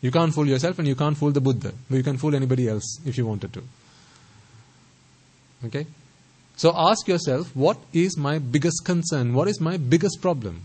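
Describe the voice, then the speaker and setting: Poor audio carries a man's slightly high, a little mellow voice as he gives a Buddhist sermon. Repeating phrases and asking rhetorical questions to press his points, the teacher stresses his pronunciation carefully.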